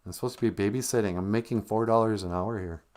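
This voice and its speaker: A man's voice: fairly low pitch, fast talker, darkish tone, close to an everyday voice. A man voicing an exasperated teenage girl babysitter in a whiny, sarcastic, rambling way.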